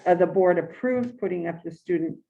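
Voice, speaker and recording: Woman running a meeting, kinda halting with lots of ums, lowish voice, muffled recording. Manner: halting, lots of fillers, walking through options. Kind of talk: meeting discussion.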